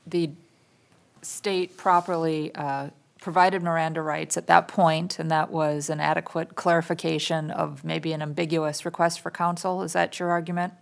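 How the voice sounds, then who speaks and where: Lady judge grilling a lawyer, low gravelly voice, methodical. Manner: probing, methodical. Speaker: appellate judge. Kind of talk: questioning counsel from the bench.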